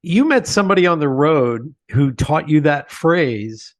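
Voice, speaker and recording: A man's voice: a little high, lively intonation, unhurried, no echo. A man hosting an interview, talking in a friendly, laid-back way and calling his guest "my friend" and "man.". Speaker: interview host. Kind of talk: casual interview.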